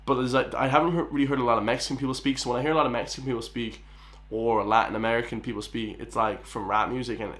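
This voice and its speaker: A young Irish man chatting casually as he reacts to a video, excitable and rambling, with plenty of filler words. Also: medium pitch, very fast. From Ireland. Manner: excitable, rambling, lots of "like" and "guys".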